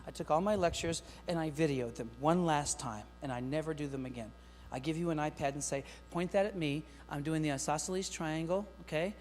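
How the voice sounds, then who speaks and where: A middle-aged man giving a lively, joking keynote talk to teachers, speaking straight to the audience. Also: a little high. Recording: long hall reverb with faint mains hum.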